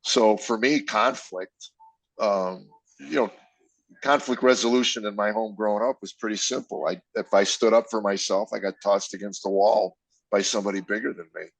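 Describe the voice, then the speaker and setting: Older man, deep dry confessional voice. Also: steady tone, normal speed, creaky, no echo, low-quality recording. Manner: emotional, confessional, acts out quoted dialogue. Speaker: comedian guest. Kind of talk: candid personal storytelling.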